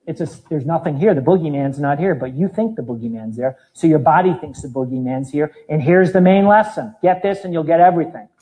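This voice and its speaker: Lively high-voiced man in his fifties. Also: brisk, few pauses, low-quality recording. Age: 50s. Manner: animated, demonstrating with his body as he talks. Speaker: fitness trainer. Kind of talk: live talk to an audience.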